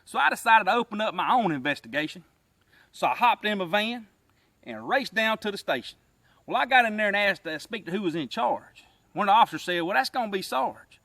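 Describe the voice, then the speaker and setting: A man's voice: high-pitched, lively intonation, a little fast, pushed and bright, no echo. A man telling a rhyming comic story in a folksy drawl, as the host of his channel. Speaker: comedy storyteller.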